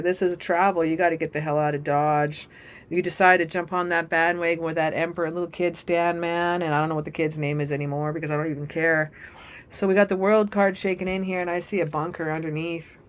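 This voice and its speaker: A woman giving a storytelling tarot reading in an excitable, dramatic and profane way. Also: lowish voice. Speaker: tarot reader.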